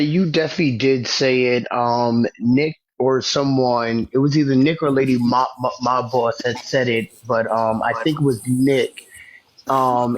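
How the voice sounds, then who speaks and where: Man, medium pitch, deliberate, accusing, filler-heavy, live-stream argument. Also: rough recording. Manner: measured, drawn-out accusations with fillers, then curt.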